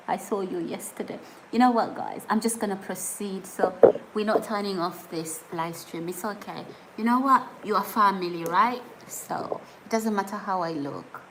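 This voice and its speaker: A woman's voice: on the low side, a bit bright, a little hiss or hum, poor audio. A woman chatting casually on a live stream, reading viewer comments aloud and often breaking into giggles. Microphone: phone or camera set on a surface.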